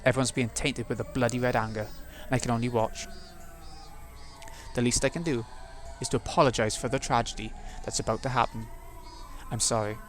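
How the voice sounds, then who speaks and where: A man reading as a sorrowful young girl who apologizes softly and with resignation. Her voice sits at a middling pitch and stays close to the reader's own. Faint game music runs beneath. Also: fairly even intonation, brisk, close to an everyday voice.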